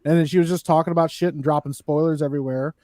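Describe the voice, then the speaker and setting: A male co-host rants with animated, profane energy in casual podcast talk. He speaks very quickly, a bit high for a man, and sounds dry and close. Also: no room sound. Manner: rapid, profane, animated ranting.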